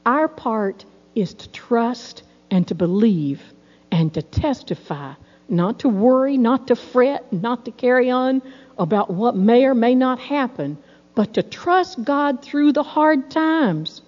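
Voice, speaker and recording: A middle-aged woman preaching a sermon, telling folksy personal stories in a lively, storytelling way. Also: a little high, takes it slowly. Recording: dull sound in a reverberant hall.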